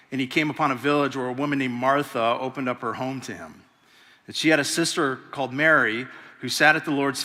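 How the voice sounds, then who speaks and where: A male pastor giving a sermon in an animated, conversational way and acting out the people in the story. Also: mid-range voice. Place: large church hall. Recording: long reverb of a big church hall.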